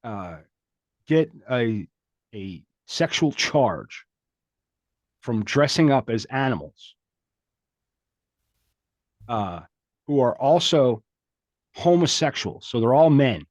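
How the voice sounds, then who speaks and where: Halting mock-serious man on podcast. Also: mid-range voice, big pitch swings, no room sound. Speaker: podcast co-host. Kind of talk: casual comedic banter.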